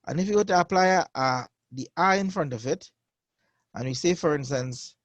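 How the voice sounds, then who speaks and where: A man teaching a beginner Arabic class, patiently repeating each phrase slowly for his learners. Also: on the high side, dry recording. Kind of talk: online beginner language lesson.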